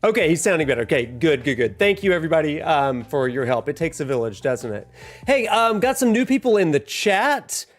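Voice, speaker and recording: A man's voice: on the high side, big pitch swings, brisk. A man hosting a casual livestream, chatty and upbeat, laughing often. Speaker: livestream host. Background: soft lo-fi music.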